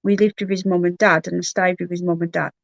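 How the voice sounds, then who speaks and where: A woman's voice: fairly low pitch, level tone, quick pace, vocal fry, no echo, dull audio. A middle-aged woman, hosting a casual livestream, talking candidly and reading viewer comments. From Birmingham, England. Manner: candid, chatty, restarts often. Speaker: livestream host.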